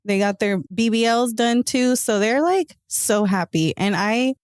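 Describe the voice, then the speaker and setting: A woman's voice: fairly high pitch, unhurried, clean tone, no echo. A woman hosting a casual chat, telling stories with animation and acting out what her friends said. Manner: animated storyteller, acts out friends' quotes. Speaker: host.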